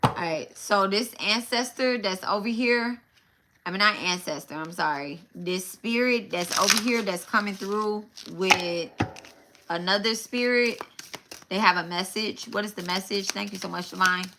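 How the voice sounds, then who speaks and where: A woman's voice: medium pitch, measured pace, noisy background. A middle-aged woman giving a live psychic reading, talking loosely and often adding "right?" as she tells a story. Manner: conversational, tag questions, storytelling. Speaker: psychic medium.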